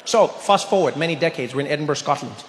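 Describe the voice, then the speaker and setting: Male stand-up, highish voice, lively delivery, reverberant hall, light noise. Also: quick pace. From South Africa. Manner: animated storytelling, bursts into loud shouts. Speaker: stand-up comedian. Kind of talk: stand-up comedy. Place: large theater stage.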